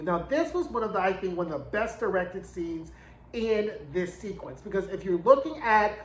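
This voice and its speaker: A man's voice: high-pitched, expressive, moderate pace. Sassy, cussing man recapping a show, roomy sound. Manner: sassy, profane, blunt running commentary. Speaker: TV recap reviewer. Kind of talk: casual recap commentary. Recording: roomy echo.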